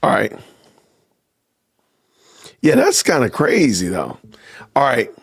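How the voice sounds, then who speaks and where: A man hosting a casual livestream podcast, reacting out loud and talking to his viewers as "y'all". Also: mid-range voice, huge pitch swings, takes it slowly, vocal fry, husky. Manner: talks to chat with y'all, reacting loudly. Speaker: podcast host.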